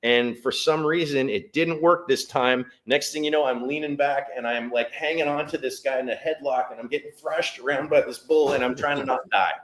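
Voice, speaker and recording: A man's voice: medium pitch, moderate pace, few pauses. A man, a guest and business owner, telling a story in conversation and acting out the other people's lines. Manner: animated storyteller acting out dialogue.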